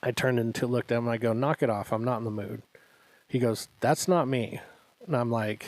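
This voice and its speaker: A man's voice: mid-range voice, a little fast, no echo. Man telling a story, dry close sound. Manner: animated anecdote-telling with acted-out quotes. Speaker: podcast co-host. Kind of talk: casual storytelling chat.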